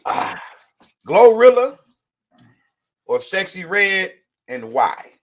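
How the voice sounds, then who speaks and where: A man hosting a podcast, encouraging his guest in a relaxed, slangy way. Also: high voice, drawn-out words. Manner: laid-back, encouraging, slangy. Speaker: podcast host. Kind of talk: casual interview chat. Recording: loud crowd noise behind. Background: loud crowd.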